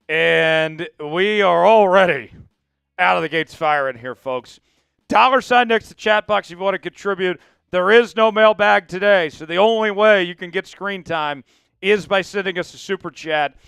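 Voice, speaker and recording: Hosting a live sports stream in casual chat style, this man sounds hyped, pleads with his viewers and erupts in mock outrage now and then. His voice is high-pitched and gravelly with a fairly bright, clean tone. The sound is studio quality, free of echo.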